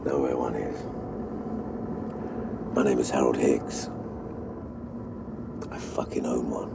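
An actor playing a menacing middle-aged male village crime boss, who talks in a threatening, profane and slow, emphatic way inside a car. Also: a bass voice, fairly even intonation, gravelly, full character voice. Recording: loud car engine noise.

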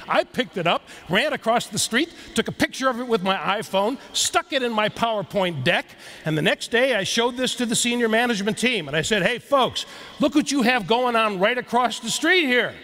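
A middle-aged man giving a keynote speech to a live audience, telling stories and talking straight to the crowd. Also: high voice. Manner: storytelling, animated, addresses the crowd directly. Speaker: keynote speaker. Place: large hall with live audience.

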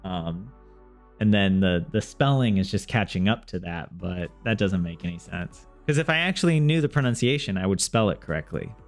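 A man's voice: sits low, expressive, moderate pace. A man learning a language on a casual livestream, thinking aloud to his viewers with many restarts and self-corrections. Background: soft game music.

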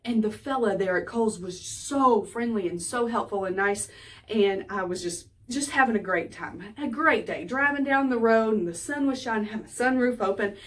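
A bubbly woman tells stories to camera in a lively, chatty way, in her thirties with a voice pitched on the high side. She is recorded in a small office, a little distant from the microphone. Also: moderate pace. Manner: bubbly and chatty, animated storytelling. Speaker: life coach. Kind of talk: casual talking-to-camera vlog.

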